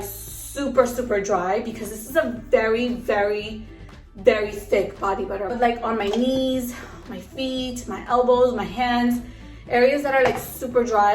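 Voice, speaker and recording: Talking into her phone camera, a pregnant young woman vlogs casually, upbeat and chatty with plenty of fillers and slightly out of breath. Her fairly high voice sounds roomy, as if she's far from the mic.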